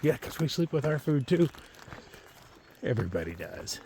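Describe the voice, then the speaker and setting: A man's voice: fairly high pitch, big pitch swings, normal speed, dark tone, a little hiss or hum. A man filming himself on a long-distance hike, chatting casually and telling wry, joking stories as he walks a mountain trail. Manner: joking, laid-back, wry storytelling. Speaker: long-distance hiker filming his trek. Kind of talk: casual vlog commentary.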